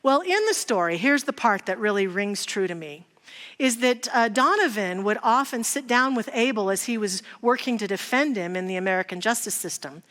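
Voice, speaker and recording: A woman's voice: mid-range voice, lively intonation, normal speed, a bit bright. A woman giving a sermon in an earnest, reflective storytelling manner. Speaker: speaker. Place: church sanctuary. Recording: long reverb of a hall.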